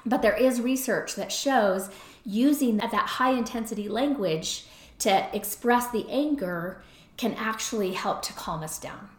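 A woman's voice: fairly high pitch, unhurried. Chatty woman in a roomy echo. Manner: conversational, frequent "right?" tag questions. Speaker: podcast host and counselor. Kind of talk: advice talk.

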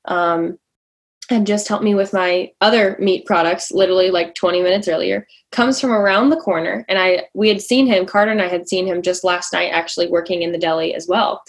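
A woman's voice: on the low side, steady tone, a little fast. A young woman, a pageant coach and podcast host, tells a personal faith story to her listeners in a chatty way, full of fillers and acted-out quotes. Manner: chatty, many likes and fillers, acts out quoted lines.

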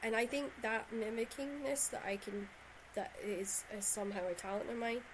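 A woman's voice: fairly high pitch, fairly even intonation, moderate pace, background noise. A woman from Shetland with a Scottish accent, hosting a podcast and chatting in long rambling runs. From Shetland, Scotland. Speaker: podcast host. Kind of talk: casual conversational interview.

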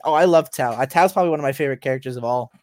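A man's voice: medium pitch, racing, a little mellow, dry recording. A man co-hosting a casual podcast about games and anime, rambling with many fillers and restarts. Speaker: podcast co-host.

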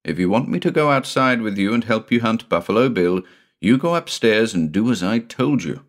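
A man's voice: fairly low pitch, animated, voice pushed up, lightly acted. A man doing a stern, teasing country doctor. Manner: brisk, scolding, gently teasing. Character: stern but kindly country doctor father.

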